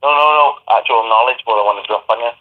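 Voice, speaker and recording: A man calling in by phone, rambling in a hesitant, halting way with many pauses and fillers. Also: medium pitch, background noise. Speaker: phone-in caller. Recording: tinny phone line.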